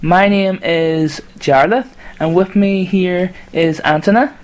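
Irish male podcast host, relaxed and hesitant, casual lesson. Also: high-pitched, takes it slowly. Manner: relaxed, hesitant, uses fillers.

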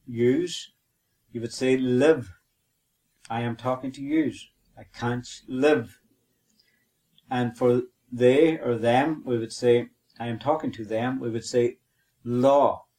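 Spelling out words and repeating them, a Northern Irish-accented podcast co-host works through a language lesson in a methodical way. He speaks at medium pitch with a dark tone.

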